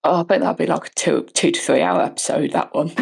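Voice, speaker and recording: A woman's voice: lowish voice, fairly quick, gravelly, breathy edge. A woman co-hosting a podcast, joking bluntly and swearing freely in casual chat. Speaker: podcast co-host.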